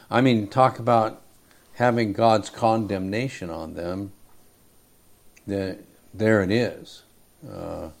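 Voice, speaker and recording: A male preacher teaching through a scripture passage at an unhurried, measured pace. He leans into key words for emphasis and clears his throat often between thoughts. His voice sits at an ordinary middle pitch. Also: darkish tone. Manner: slow, deliberate, emphatic with frequent throat clearing. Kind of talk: expository sermon.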